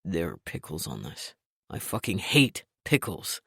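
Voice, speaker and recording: A woman voicing a gruff, snapping male boss. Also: rumbling low, huge pitch swings, measured pace, fairly bright tone, no room sound, studio quality, voice pushed down, full character voice. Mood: angry. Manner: clipped, rough and snapping.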